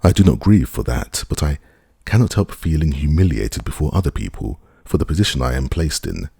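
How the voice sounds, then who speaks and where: A man's voice: extremely low pitch, expressive, fairly quick, creaky, mellow, breathy edge, no echo, clean studio sound, full character voice. A man voicing a stiff, self-pitying grieving official with a thin voice and formal speech. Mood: humiliated.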